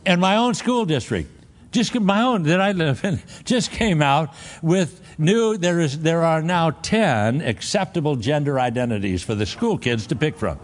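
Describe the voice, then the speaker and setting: A man preaching in a loose, conversational way, joking and laughing as he goes. He often restarts his sentences, and his voice sits somewhat higher than most men's. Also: expressive, unhurried, long reverb tail. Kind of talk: conversational sermon.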